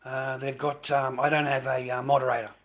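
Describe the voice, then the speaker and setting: Bright-voiced Australian man, profane and rambling. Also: mid-range voice, flat delivery, brisk. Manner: profane, rambling, calls viewers mate and bro. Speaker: livestreamer. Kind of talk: casual livestream chat. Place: at home in his kitchen.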